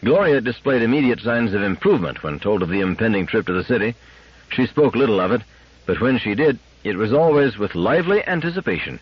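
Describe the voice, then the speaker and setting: Husky man reading a story aloud. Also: lowish voice, fairly quick, no room sound. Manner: expressive storytelling. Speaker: narrator. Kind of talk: audiobook narration. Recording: dull lo-fi sound.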